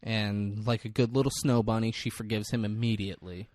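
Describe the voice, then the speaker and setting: A man's voice: lowish voice, a little fast, dry recording, clean studio sound. A man co-hosting a podcast, recapping a film in a casual chat and swearing freely. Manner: retells scenes with excited acted-out quotes, swears freely. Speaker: podcast co-host.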